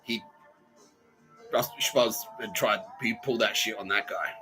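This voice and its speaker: A man's voice: fairly low pitch, fairly even intonation, unhurried, bright, forceful tone, soft background music, poor audio. A man hosting a podcast, telling a rambling, profane story with lots of laughter. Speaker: podcast host. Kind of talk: casual storytelling.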